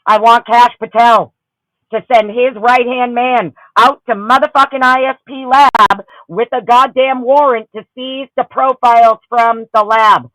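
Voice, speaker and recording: A woman's voice: fairly high pitch, steady tone, measured pace, no echo, poor audio. Woman ranting profanely on a livestream. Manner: heated, profane, ranting, greets chatters warmly. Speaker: livestream host.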